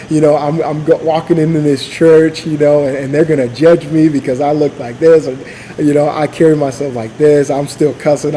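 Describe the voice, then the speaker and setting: A man's voice: on the high side, dark tone, slight background noise, poor audio. A man giving an informal sermon at church, speaking casually with many fillers, restarts and asides. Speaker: church leader.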